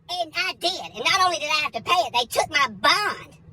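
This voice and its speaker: A comedian telling a crude, animated story and acting out the other people in it. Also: female voice, high voice, brisk, rough recording.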